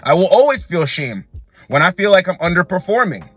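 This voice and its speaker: A man's voice: high voice, very animated, a little fast, husky, faint music behind. A young man hosting a dating advice monologue, blunt and emphatic, repeatedly calling the listener bro. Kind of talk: direct-to-camera advice monologue.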